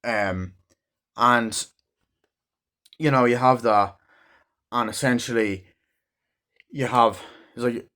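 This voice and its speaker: A man's voice: mid-range voice, takes it slowly, pauses often, sharp tone. A man giving a casual movie review, rambling and swearing freely as he acts out scenes.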